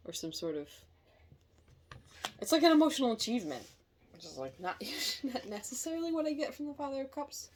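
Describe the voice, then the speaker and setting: A woman giving a casual tarot reading, chatty and thinking aloud, quick to laugh. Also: on the high side, sing-song, a little mellow. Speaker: tarot reader.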